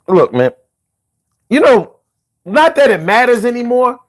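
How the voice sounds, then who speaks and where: A man giving a heated, profane political rant as a commentator, talking straight to his viewers. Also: very high voice. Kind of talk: ranting commentary.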